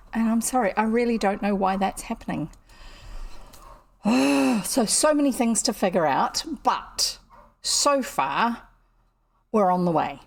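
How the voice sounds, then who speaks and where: A woman's voice: mid-range voice, gravelly. A woman chatting casually on a livestream from her home desk, rambling and interrupting herself as a storyteller. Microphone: computer streaming setup.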